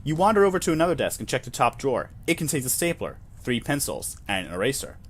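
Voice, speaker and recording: A man's voice: mid-range voice, big pitch swings, fast talker. A man reading a solo tabletop role-playing game aloud, narrating in second person with wry, self-deprecating asides.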